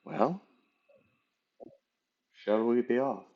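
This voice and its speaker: A man's voice: mid-range voice, very slow, muffled recording. A man voicing a poised, formal female silver dragon. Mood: stately.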